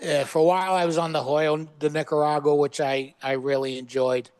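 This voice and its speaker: High-voiced comedian, dry studio. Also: male voice, brisk, clear, resonant tone, no room sound. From Boston. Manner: animated anecdotes, acts out quoted voices, swears freely. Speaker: guest comedian. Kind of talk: casual chat with storytelling. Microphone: studio podcast mic.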